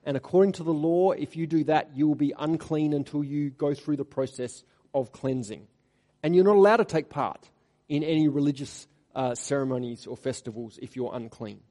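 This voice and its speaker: A man preaching an expository sermon, reading scripture aloud with rising emphasis and then dropping to quiet asides. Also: on the high side, normal speed. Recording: long hall reverb.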